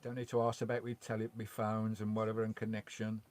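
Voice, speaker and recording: Parked in his campervan, a man chats casually on a live stream, rambling through chat messages he reads aloud and swearing mildly. His fairly low voice is fast, monotone, and a little mellow.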